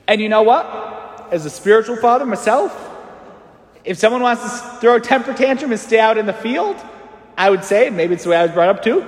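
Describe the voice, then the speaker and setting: A man preaching a sermon as a priest, animated and acting out the voices in the story. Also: sits high, fairly quick. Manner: animated, acts out quoted voices. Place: church. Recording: echoey church hall.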